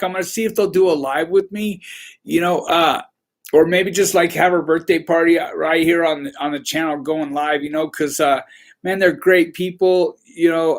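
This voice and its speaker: A man hosting a casual livestream, telling rambling, profane stories with a laugh now and then. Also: high voice. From Southern California. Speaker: livestream host.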